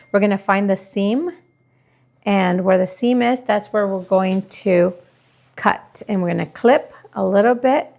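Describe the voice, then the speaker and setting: A woman calmly explaining each step of decorating a cookie with icing as she works. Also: medium pitch, creaky. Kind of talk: step-by-step tutorial narration.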